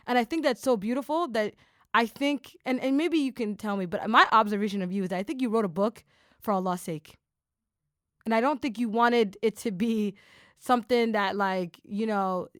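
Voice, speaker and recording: A podcast host chats casually in a mid-range voice, animated and enthusiastic, speaking in bursts full of fillers. The sound is clean studio quality with no echo.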